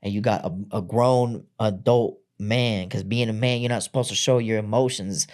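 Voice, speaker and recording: A man's voice: lowish voice, fairly even intonation, moderate pace, darkish tone. A man on a podcast as a guest, telling his own story candidly in blunt, profane everyday speech. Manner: blunt and profane, acts out quoted voices.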